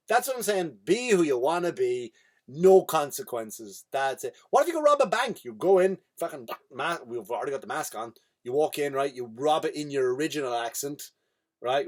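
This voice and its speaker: An Irish man hosting a comedy podcast, rambling through a profane monologue full of restarts. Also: medium pitch.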